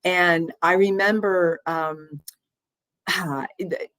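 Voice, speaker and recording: A woman's voice: on the low side, steady tone, very slow, a bit bright, dry recording. A woman in her sixties hosting an interview, speaking earnestly with frequent restarts. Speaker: host. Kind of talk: interview conversation.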